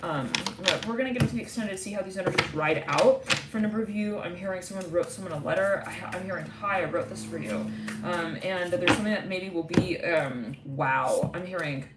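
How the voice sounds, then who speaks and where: A woman with a slightly low voice gives a live tarot reading, chatty and intuitive, with lots of fillers. She sits back from the mic in an echoey room. A loud hiss of noise runs underneath. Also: fairly quick, hardly any pauses, recorded from a distance. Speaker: tarot reader.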